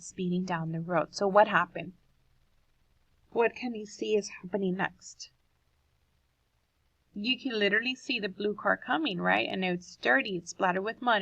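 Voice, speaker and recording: A woman's voice: mid-range voice, pushed and bright, dry recording, poor audio. A woman teacher reading a poem aloud to children and explaining it, asking the class questions as she goes.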